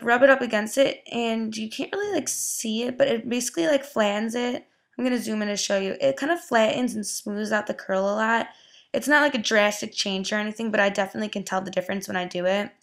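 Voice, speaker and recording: A young woman giving a casual hair tutorial, chatty and full of "like" and "um". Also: a little high. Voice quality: gravelly vocal fry. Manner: chatty, lots of "like" and "um". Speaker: beauty vlogger.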